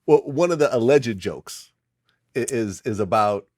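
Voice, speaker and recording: A man interviewing a guest, asking quick questions and giving short acknowledgments. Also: mid-range voice, lively intonation, a little mellow, dry recording, clean studio sound.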